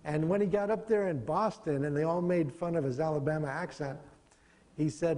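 A man's voice: a little high, moderate pace, mellow, in a large hall. A middle-aged man giving a casual, conversational classroom lecture, wandering between points and chuckling as he goes. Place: lecture hall.

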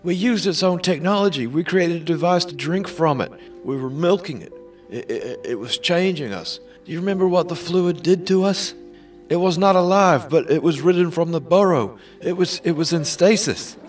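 A man doing a comic impression of a muddled old American president, rambling and halting. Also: a little high, distant mic, faint music behind, lightly acted.

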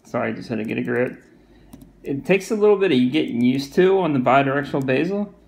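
Gravelly Southern man reviewing a watch. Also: mid-range voice, expressive, fast talker, a little mellow, slight background noise, low-quality recording. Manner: rambling, repeats himself, many fillers. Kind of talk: casual product review.

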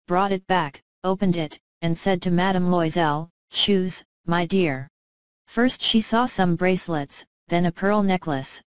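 Smooth low-voiced woman narrating a story. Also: dry recording, low-quality recording. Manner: calm, measured storytelling. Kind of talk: scripted narration.

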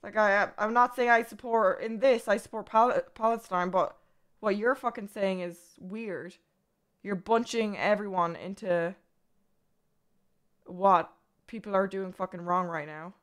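Her voice is mid-range, steady, clean, and unhurried as the young Irish woman chats on her livestream. She's blunt with viewers, swears constantly, and rambles in asides to chat.

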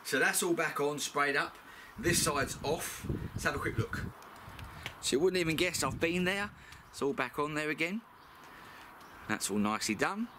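Middle-aged British man with a slightly raised pitch, blunt and chatty, noisy outdoor recording. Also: expressive, normal speed, long pauses. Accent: British English. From Britain. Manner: chatty, blunt and swears freely. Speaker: DIY car mechanic vlogger. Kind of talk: casual how-to commentary.

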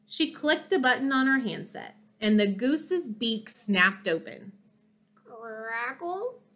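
Reading a kids' chapter book for an audiobook, a woman uses an expressive storytelling style. The pace is slow and measured, and her fairly high voice is full of lively pitch movement.

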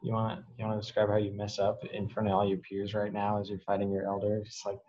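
Low-voiced young man running a game. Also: monotone. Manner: casual, quick to laugh, improvising rules on the fly. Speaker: game master. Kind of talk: running a tabletop game over a video call. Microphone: video call. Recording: muffled video-call audio.

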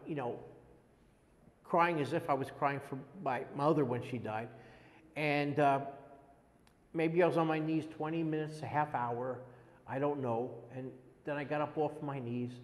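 A man in his sixties, an interviewee giving a halting, earnest personal testimony and often repeating words as he goes. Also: medium pitch, steady tone. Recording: long echoey reverb.

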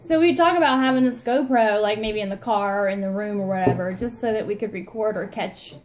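A woman's voice: mid-range voice, fairly quick, noisy background. A woman co-hosting a casual vlog, from Florida, telling a rambling, chatty story about herself and her sister. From Florida, USA. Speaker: vlog co-host. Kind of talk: casual chat.

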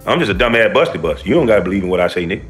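A man's voice: sits low, lively intonation, racing, a bit bright, soft background music. A man giving a heated, profane reaction commentary, ranting and preaching to his viewers.

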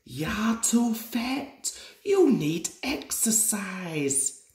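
A young man in his twenties voicing an impatient, cross young male tank engine in a brisk, bossy voice. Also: high voice, sing-song, a little mellow, pitched above the performer's own voice, heavily acted. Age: 20s. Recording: roomy echoey room.

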